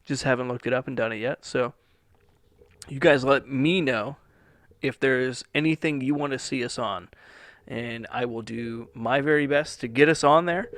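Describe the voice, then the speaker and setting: A man's voice: mid-range voice, moderate pace, fairly bright tone, dry recording. A man hosting a podcast alone from a studio, talking in a laid-back, rambling way with casual swearing. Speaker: podcast host. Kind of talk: casual solo podcast talk.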